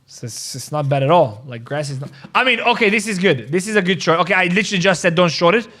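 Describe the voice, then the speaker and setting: A man hosting a casual live-stream about crypto trades, excitable and repetitive. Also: high-pitched, fast. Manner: excitable, repeats himself, calls people bro.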